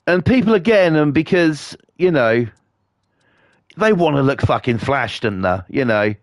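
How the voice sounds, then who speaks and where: A man's voice: on the high side, expressive, normal speed, no room sound, studio quality. A British man streaming a game, ranting bluntly and swearing constantly as he chats to viewers. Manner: profane, blunt, scornful. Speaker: livestreamer.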